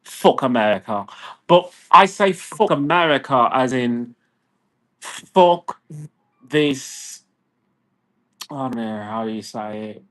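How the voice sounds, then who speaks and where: Brief: man, mid-pitched, ranting vlog monologue, profane and agitated, rambling delivery. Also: lively intonation, takes it slowly, long pauses, fairly bright tone. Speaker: vlogger.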